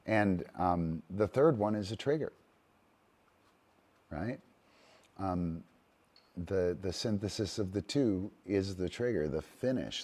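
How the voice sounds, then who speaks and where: A man's voice: sits low, dark tone. A middle-aged man hosting a casual talk on dog training, rambling and emphatic, tagging "right?" onto his points and swearing casually. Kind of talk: casual monologue.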